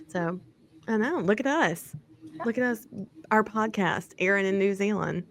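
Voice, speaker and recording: A woman's voice: mid-range voice, expressive, a little slow, a little hiss or hum. A young woman co-hosting a podcast in casual chat, chatty and giggly, tripping over words as she reads an author bio. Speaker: podcast co-host.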